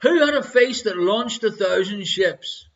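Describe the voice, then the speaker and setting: A man's voice: high-pitched, lively intonation, a little slow, fairly bright tone. An Irish man hosting a live online quiz show from home, jokey and chatty, reading each question twice and bantering with his partner. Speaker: quiz host. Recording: dull lo-fi stream audio.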